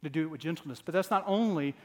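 A man's voice: fairly high pitch, racing, darkish tone. A man in his forties preaching a sermon as pastor, earnest, building to emphatic repeated phrases. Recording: long hall reverb.

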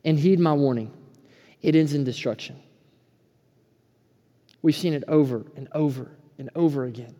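Man preaching in a church, earnest, fairly high voice, mellow tone, long hall echo. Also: moderate pace, long pauses. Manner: earnest, swings between hushed and fired-up. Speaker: pastor. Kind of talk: sermon. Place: church sanctuary.

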